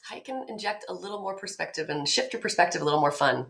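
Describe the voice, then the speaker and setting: A woman's voice: fairly low pitch, expressive, quick pace, gravelly, a bit bright. A woman as a guest in a casual interview, bubbly and enthusiastic, with a morning voice. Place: home.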